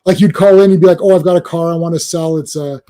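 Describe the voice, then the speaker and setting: A man from Canada chats casually as host of a live stream, telling long rambling stories full of restarts and acted-out quotes. His voice sits a little high and sounds mellow and warm. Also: steady tone, fast, rough recording. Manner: rambling storyteller, many restarts, acts out quotes.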